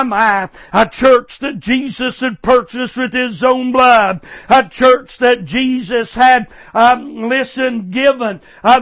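Older preacher with a high, unhurried voice. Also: male voice, dull audio. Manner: fervent, repetitive calls of "listen" and "friend". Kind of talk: sermon.

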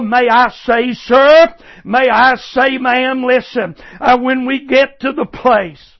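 A man's voice: very high-pitched, vocal fry, lo-fi sound. An older man preaching a sermon with fervor, peppering his talk with "listen" and "friend" and frequent filler sounds. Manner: fervent, repetitive calls of "listen" and "friend".

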